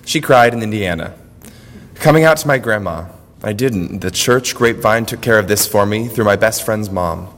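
A man's voice: fairly low pitch, a little hiss or hum. A man performing a personal monologue on stage in short, clipped phrases. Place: university event hall. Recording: long hall reverb.

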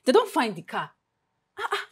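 An actress speaking with a Nigerian Pidgin accent, playing a pushy, streetwise young friend who bossily coaxes and scolds. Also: female voice, high voice, wildly swooping pitch, moderate pace, slightly rough, exaggerated voice. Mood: coaxing. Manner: bossy, scolding and coaxing a friend. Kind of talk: Nollywood film acting.

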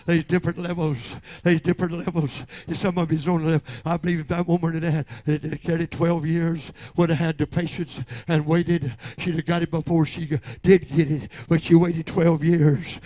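An older pastor preaching a revival sermon. He swings between low murmured stretches and shouted, rising exhortation. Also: no room sound.

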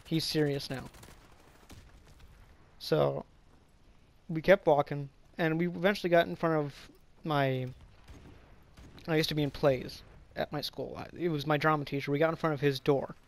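A man's voice: on the high side, steady tone, normal speed, creaky, pauses often. Young man rambling through a profane story. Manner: rambling, profane, lots of fillers. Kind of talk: casual storytime vlog.

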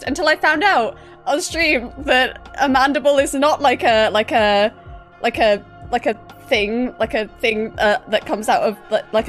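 A woman's voice: fairly high pitch, a bit bright. A woman streaming games live, chatting casually, giggling often and yelping when startled. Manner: giggly, rambling, easily startled.

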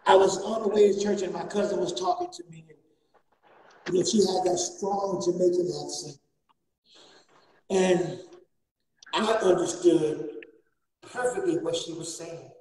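A man's voice: sits high, fairly even intonation, measured pace, long pauses. Man, bishop preaching, fervent repeated refrains, distant mic, faint hiss. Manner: fervent, repetitive refrains, rising to shouts. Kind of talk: sermon. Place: church sanctuary. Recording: echoey church, distant mic, faint noise.

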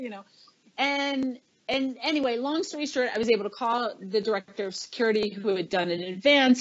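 A middle-aged woman tells a long story in an interview, putting on the voices of the people in it. Her voice sits at an everyday pitch. The audio is a bit dull and lo-fi. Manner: animated storyteller, acts out quoted lines. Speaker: interview guest, former chief of staff.

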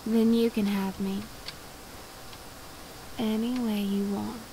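A woman's voice: medium pitch, level tone, takes it slowly, mellow, a little hiss or hum, poor audio. An actress playing a seductive, scornful woman who runs a hotel in a video game, speaking with a teasing, suggestive drawl.

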